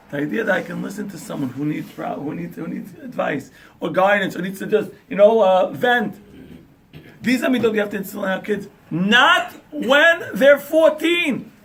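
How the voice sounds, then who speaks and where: Rabbi lecturing a crowd, higher voice, acts out voices. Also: male voice, slight background noise. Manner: animated storyteller, acts out dialogue, asks the crowd questions. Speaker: rabbi giving a talk on parenting. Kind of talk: lively sermon to an audience.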